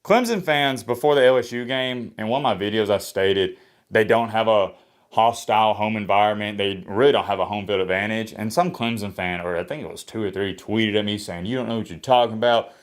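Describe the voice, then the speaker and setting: A man doing a solo sports reaction vlog. He talks in a blunt, opinionated way, with energetic swings in pitch and a slightly hoarse voice. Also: a little fast. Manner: opinionated, blunt trash talk. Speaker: sports vlogger. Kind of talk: solo college football reaction.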